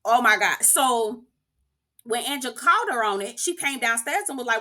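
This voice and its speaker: Sassy, bright-voiced woman vlog host. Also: sits high, normal speed. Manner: sassy and animated, keeps calling the viewer "girl"; talks straight to the viewers, asking what they think. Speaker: host of a reality TV review channel. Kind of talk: casual reality TV recap vlog.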